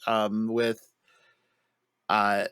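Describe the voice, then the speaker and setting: A man co-hosting a podcast, telling a story in casual chat with animated, profane delivery. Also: on the low side, extremely slow, clean tone, no echo, studio quality. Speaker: podcast co-host.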